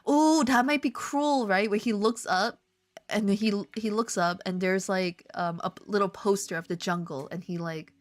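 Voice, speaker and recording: A woman's voice: mid-range voice, normal speed. A woman streaming casually while she draws, playful and rambling, with theatrical outbursts. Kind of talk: casual live-stream chat while drawing.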